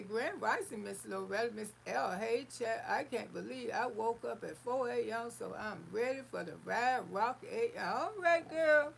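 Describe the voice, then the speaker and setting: A woman's voice: on the high side, gravelly, fairly bright tone, slight background noise, poor audio. A woman from Florida hosts a casual livestream, reading viewer comments in a folksy, affectionate way and calling listeners honey, sugar and baby. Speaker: livestream host.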